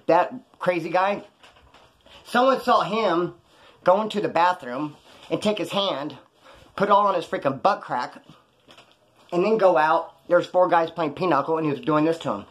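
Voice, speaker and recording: A former prisoner telling stories about prison life in a blunt, rambling, profane way. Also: male voice, on the high side, fairly bright tone. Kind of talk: casual storytelling monologue.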